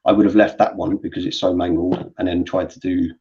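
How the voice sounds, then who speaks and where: A man's voice: low-pitched, little pitch movement, fairly quick, warm tone. A man chatting casually about toy collecting, rambling with frequent restarts. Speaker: toy collector stream co-host. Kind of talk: casual chat. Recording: muffled lo-fi call audio.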